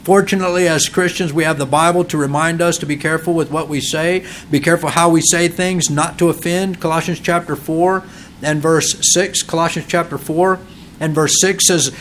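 A man's voice: fairly high pitch, fairly even intonation, normal speed, fairly bright tone, slight background noise. A male pastor preaching a sermon, asking rhetorical questions, building to emphatic peaks and acting out quoted voices. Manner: acts out children and parents in quoted voices.

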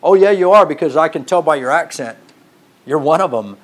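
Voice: medium pitch, animated, brisk, lightly acted. A man preaching who briefly acts out a suspicious bystander insisting that a stranger is one of the disciples. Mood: accusing. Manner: insistent, accusing.

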